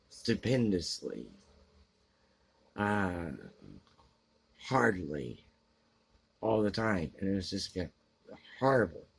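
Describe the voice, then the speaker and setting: A man giving blunt, grumbling book opinions in a halting way, with lots of fillers and frequent throat clearing. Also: deep voice. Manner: grumbling, opinionated about books. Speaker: book vlogger answering a question tag. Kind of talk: casual unscripted talk to camera.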